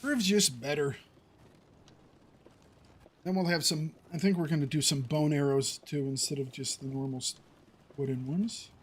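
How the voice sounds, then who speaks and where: A man's voice: a little high, steady tone, moderate pace, pauses often, breathy edge. A man streaming a survival game, chatting casually to his viewers and thinking aloud about his next moves. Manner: thinking aloud, talking to chat. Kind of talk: casual gameplay commentary.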